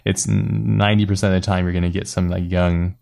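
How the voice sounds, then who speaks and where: Brief: low, gravelly male podcast host, laid-back and slangy. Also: flat delivery, brisk, a little mellow. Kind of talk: casual interview chat.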